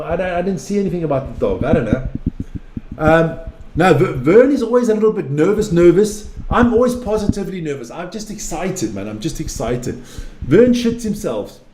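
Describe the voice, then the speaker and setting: A man's voice: fairly high pitch, warm tone. Rambling man, echoey room. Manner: rambling, repeats himself, swears freely. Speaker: live-stream rugby commentator. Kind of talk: casual live-stream chat reading viewer comments. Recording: echoey room with faint ambient noise.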